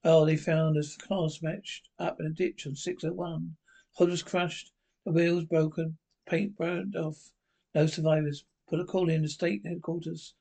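A man's voice: on the high side, little pitch movement, a little slow, creaky, warm tone. Man retelling a drama in terse lines. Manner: terse, reading out sound cues. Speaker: narrator. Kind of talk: retelling a drama aloud, with sound cues.

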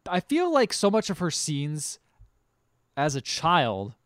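A man's voice: fairly high pitch, huge pitch swings, slow pace, fairly bright tone, no room sound, studio quality. A man with an American accent co-hosting a podcast, casually retelling a film and acting out the characters' lines. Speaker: podcast co-host. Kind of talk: casual chat, recapping a film.

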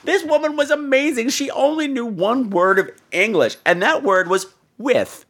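A man hosting a podcast, telling a story in a theatrical, animated way, full of crude jokes and acted-out voices. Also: normal speed. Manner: acts out quoted people in higher voices. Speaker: podcast host. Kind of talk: casual storytelling.

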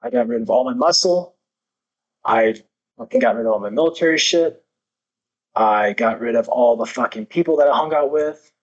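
A man's voice: mid-range voice, moderate pace, lo-fi sound. A man talking as a podcast guest, intense and emphatic, swearing heavily while he talks candidly about growth. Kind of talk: candid motivational talk.

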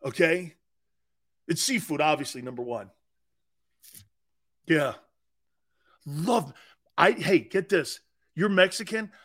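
A man hosting a sports talk show, chatting casually, joking and laughing as he answers viewers' comments. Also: on the high side. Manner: joking, laughing, wide swings in loudness. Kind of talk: casual chat, reading live chat.

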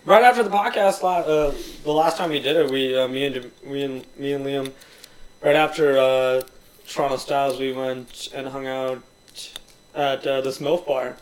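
A man telling a halting, rambling story as a podcast guest, full of restarts. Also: mid-range voice, fairly even intonation, low-quality recording. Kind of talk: rambling casual anecdote.

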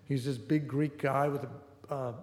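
A man's voice: mid-range voice, steady tone, unhurried, a little mellow. Man telling a story in an echoing hall. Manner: conversational, full of "you know" asides. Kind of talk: live personal storytelling. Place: stage in a large hall before an audience. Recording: roomy hall reverb.

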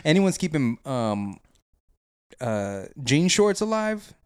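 Joking man with a lively voice. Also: a little high, slow, clear, resonant tone. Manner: joking, laughs often. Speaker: podcast co-host. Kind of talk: casual podcast chat.

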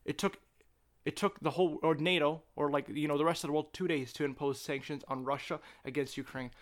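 A man's voice: on the high side, steady tone, fairly quick. A young man from Palestine, a podcast guest, arguing in casual chat in a heated, profane, argumentative way.

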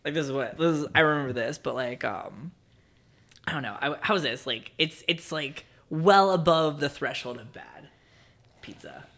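A man's voice: mid-range voice, normal speed, vocal fry, bright, forceful tone. A young man from South New Jersey, chatting casually as a podcast guest and rambling with lots of fillers and restarts. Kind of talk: casual chat.

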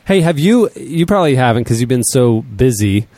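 A man's voice: medium pitch, sing-song, moderate pace, dark tone, dry recording. Teasing guy hosting, bouncy voice, laughs a lot, dead dry room. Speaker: host. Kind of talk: casual chat.

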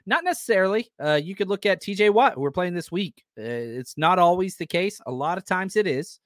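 Speaking at normal speed in a slightly high, somewhat bright voice, this man runs a live sports fan podcast. He sounds eager and thankful, reading comments from the chat out loud, and the studio-quality recording is dry.

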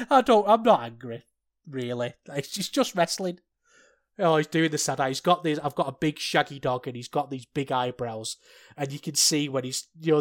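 A podcast co-host reviewing a wrestling match in casual chat, ranting with passion and then turning soft and sheepish. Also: mid-range voice.

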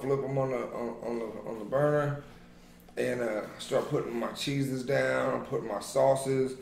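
A man's voice: medium pitch, vocal fry. A man co-hosting a casual podcast, telling rowdy, profane stories to his friends. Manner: profane, animated storyteller. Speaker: podcast co-host. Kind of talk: casual chat among friends. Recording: roomy echo.

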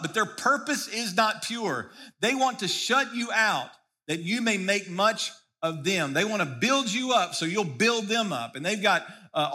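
Male pastor with a high, bright voice, preaching casually and often repeating himself mid-sentence. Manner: conversational preaching with frequent restarts and repeated words. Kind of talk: sermon.

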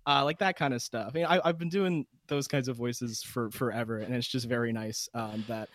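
A man's voice: mid-range voice, steady tone, brisk, a bit bright, no room sound, studio quality. A young man, a game master guest, chatting casually, laughing often and restarting his sentences. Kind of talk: casual chat.

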